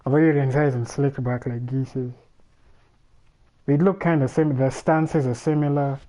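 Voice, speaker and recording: Solo on his livestream, a man muses aloud in a wandering way, often restarting what he says. Through the rough streaming-mic recording, his mid-range voice comes across steady, unhurried, and mellow.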